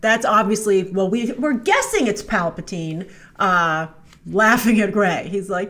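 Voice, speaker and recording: A woman's voice: medium pitch, lively intonation, unhurried, a bit bright. A woman hosting a casual trailer breakdown, chatty and sarcastic, now and then mocking the characters in made-up voices. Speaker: host.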